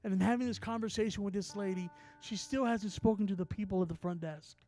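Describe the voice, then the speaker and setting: A man preaching a sermon and telling a story in an animated way, acting out each person in it. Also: high-pitched, fast talker, soft background music. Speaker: apostle, preacher.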